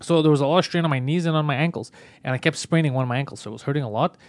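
A man's voice: fairly high pitch, racing, no room sound. A young man, a comedian, telling a story in casual chat and acting out the voices, with a lot of swearing.

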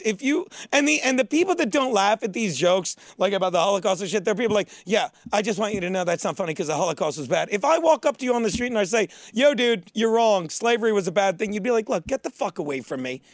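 A man's voice: sits high, animated, quick pace, few pauses, no echo. A male comedian co-hosting a podcast, ranting in casual chat, swearing and throwing in sarcastic asides. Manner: profane, rants with sarcastic asides.

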